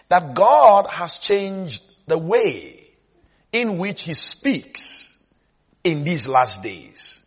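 A man's voice: high-pitched, husky. A man preaching a sermon at a Bible school, emphatic, repeating phrases and often asking whether the listeners follow.

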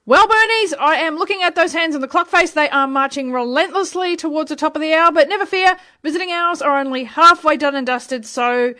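A woman's voice: sits high, a little fast, hardly any pauses, sharp tone. A woman radio DJ talking between songs, chatty and upbeat, addressing her listeners directly.

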